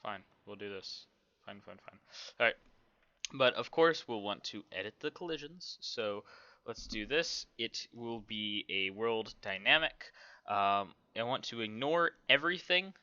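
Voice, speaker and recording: A man's voice: fairly low pitch, sharp tone, no room sound, muffled recording. A man casually talking through a game development tutorial, rambling to himself with many fillers. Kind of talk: casual screen-recorded tutorial.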